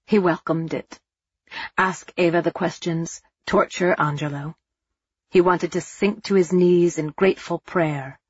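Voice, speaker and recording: A woman reading a novel aloud with even, measured pacing. Her voice sits low and husky. The recording is dry and a little dull in tone. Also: no echo. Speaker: audiobook narrator. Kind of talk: scripted narration.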